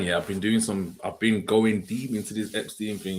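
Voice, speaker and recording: A man's voice: on the low side, fairly even intonation, normal speed, slight background noise. A young man hosting a casual reaction livestream, talking in slang, rambling and putting questions to his chat. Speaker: livestream host.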